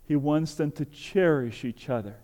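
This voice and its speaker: A man's voice: a little high, moderate pace, warm tone, long reverb tail. A man preaching a sermon as a pastor, earnest and building to fervent emphasis.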